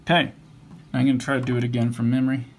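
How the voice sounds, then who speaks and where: A man's voice: mid-range voice, little pitch movement, very fast. A man teaching drawing, thinking aloud and mumbling to himself as he sketches and corrects his lines. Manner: mumbling, self-correcting as he draws. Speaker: drawing instructor. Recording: faint background noise.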